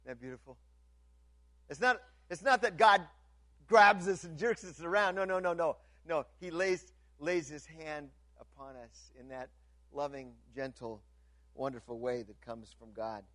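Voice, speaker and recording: A man with a notably high voice preaches a sermon to his congregation. He stumbles over repeated words as he restarts, then swings from loud, lifted passages down to near-hushed lines. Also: a little slow, no echo. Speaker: pastor.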